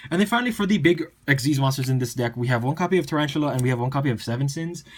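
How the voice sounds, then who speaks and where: A young man casually walking through his card game deck list, chatty and full of fillers and quick asides. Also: mid-range voice, lively intonation. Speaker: deck profile presenter.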